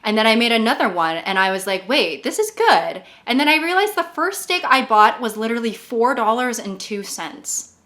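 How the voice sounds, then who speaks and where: A woman's voice: a little high, animated, brisk, pushed and bright. A woman talks straight to her audience in a loose, rambling vlog. She jokes at her own expense and drifts from one thought to the next in casual chat. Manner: rambling, jokey, self-deprecating. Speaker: vlogger.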